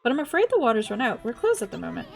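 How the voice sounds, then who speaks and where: A woman's voice: fairly high pitch, wildly swooping pitch, racing, gravelly, heavily acted. A woman reading aloud the lines of a worried hot spring bathhouse keeper from a video game. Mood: apologetic.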